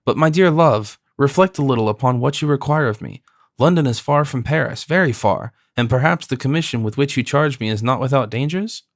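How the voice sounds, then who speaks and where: A man's voice: mid-range voice, lively intonation, a little fast, no room sound, clean studio sound, close to an everyday voice. A man voicing a pompous cowardly mercer. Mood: nervous. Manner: pompous, then nervous. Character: cowardly greedy middle-aged mercer, fifty. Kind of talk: audiobook character voice.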